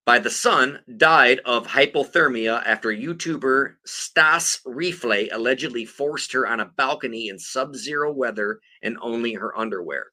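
A man's voice: mid-range voice, normal speed, few pauses, bright, forceful tone. A man hosting a podcast, reading news aloud and swearing casually after a few beers. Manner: profane, joking, reads articles aloud. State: tipsy after several beers. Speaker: podcast co-host.

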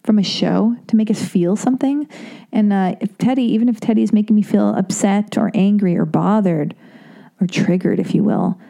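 A woman's voice: medium pitch, moderate pace, vocal fry. A woman in her thirties talking in a casual, rambling monologue, stuttering and restarting as she gets worked up. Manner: rambling, animated, self-interrupting with restarts and stutters; quotes others in acted voices.

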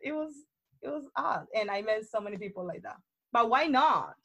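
A young woman from Colombia with a Colombian Spanish accent, a native Spanish speaker, chatting casually as a guest and telling stories in an outgoing, animated way with frequent laughter. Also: medium pitch, fairly quick, creaky, slightly rough. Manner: outgoing, animated storyteller who laughs often. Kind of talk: casual conversation.

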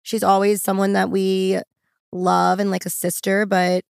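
A young woman from New Orleans, a podcast guest telling stories in an excitable, animated way. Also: medium pitch, unhurried, gravelly, clear, resonant tone, no echo, studio quality. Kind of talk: casual chat.

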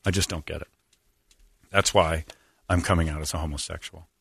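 A man's voice: sits low, steady tone, fairly quick, gravelly, a bit bright, husky. Blunt sarcastic talk-radio man. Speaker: radio show host. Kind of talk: casual talk radio banter.

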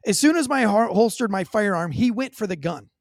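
A former police officer telling a personal story in an interview, in a blunt and profane way with vivid detail. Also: male voice, high voice, expressive, a little fast, no echo, studio quality.

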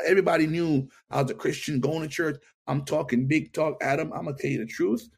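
A middle-aged man tells his testimony in an interview in a gravelly, husky voice. He talks in an animated way and acts out each line of dialogue. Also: a little high, brisk. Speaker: interview guest.

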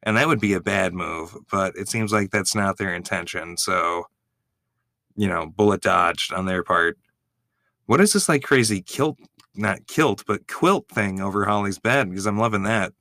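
A man giving excitable, gushing reaction commentary, swearing freely as he reacts. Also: low-pitched, moderate pace, gravelly, dry recording, studio quality.

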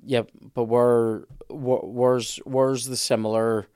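A man with a Northern Irish accent, co-hosting a casual comedic history chat, rambling and halting. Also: mid-range voice, level tone, darkish tone, smooth, dry recording, clean studio sound. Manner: rambling, halting, restarts often. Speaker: podcast co-host.

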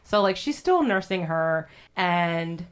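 Young woman, podcast host, casual and profane, low-ish voice, quick to laugh. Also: animated, clear, resonant tone. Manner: chatty, profane, laughs often, acts out quotes. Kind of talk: casual true-crime history chat.

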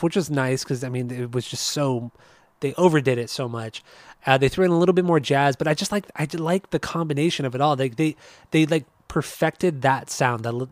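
A man co-hosting a podcast in casual chat, easygoing and quick to laugh, with hesitant restarts. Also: medium pitch, no echo. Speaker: podcast co-host.

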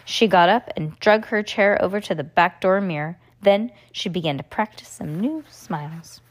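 A woman hosting a podcast, reading a children's storybook aloud with animated storytelling. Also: on the low side, moderate pace. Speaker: podcast host.

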